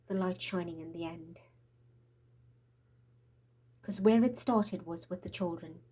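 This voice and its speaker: Woman, tarot reader, breathy husky voice, mellow tone, urgent prophetic delivery, trembling. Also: mid-range voice. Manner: urgent, prophetic, dips into whispers. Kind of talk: spiritual tarot reading monologue.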